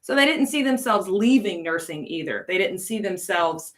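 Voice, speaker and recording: A woman's voice: mid-range voice, expressive, normal speed. Chatty American woman hosting a live lesson. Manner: chatty, laughs often, reads viewer comments aloud. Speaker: ESL program coordinator, host. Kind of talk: casual live-stream teaching.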